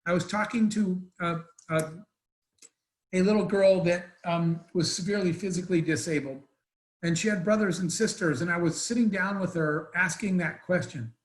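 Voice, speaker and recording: A man's voice: high-pitched, moderate pace, echoey room, poor audio. A man telling an emotional story as a guest speaker in an online Q&A, earnest and rambling with restarts, over a video call.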